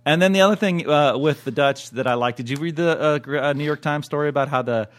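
A man's voice: on the high side, fast talker. An American man co-hosting a podcast, rambling casually with frequent restarts. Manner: rambling, many fillers and restarts, laughs easily. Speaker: podcast co-host. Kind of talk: casual chat.

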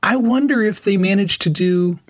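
A man's voice: sits high, normal speed, no echo. A man co-hosting a casual movie commentary, making dry, pointed remarks. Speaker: commentary podcast co-host.

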